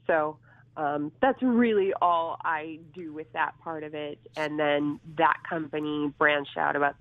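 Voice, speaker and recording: Deep-voiced with a steady tone and a measured pace, a middle-aged stand-up comedian from Minnesota, USA, chats casually as an interview guest, giggly and self-teasing. The recording is a tinny, dry phone line with no echo.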